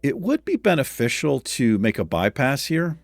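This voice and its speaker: A man's voice: medium pitch, big pitch swings, moderate pace, no room sound, soft background music. A man hosting a gaming channel, thinking aloud and muttering in casual let's-play commentary, mildly exasperated.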